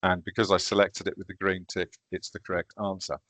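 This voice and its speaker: Leading a recorded training session, a man walks through teaching software step by step, casual and self-deprecating. His voice sits low with a flat, brisk delivery, and the recording is dry.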